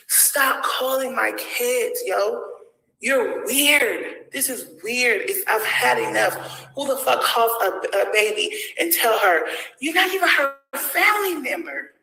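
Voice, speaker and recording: A woman with a high, gravelly, bright voice rants in fury, cursing at people for calling her children. Her voice comes through a roomy, echoing clip. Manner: furious ranting, cursing. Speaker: mother in a played clip.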